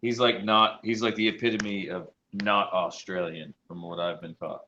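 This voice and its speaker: A man's voice: low-pitched, fairly even intonation, moderate pace, bright, forceful tone. A man with an American Southern accent in a casual podcast chat, swearing freely and rambling with restarts while he works on something with his hands. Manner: busy with a hands-on task while talking. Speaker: podcast co-host. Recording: dull lo-fi sound with faint noise.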